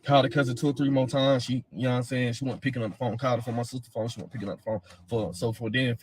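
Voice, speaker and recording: A man's voice: mid-range voice, level tone, rapid-fire, darkish tone, a little hiss or hum. A man telling his own account in a blunt, heated way, swearing and repeating himself. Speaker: father of a missing woman's child. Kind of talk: casual first-person account.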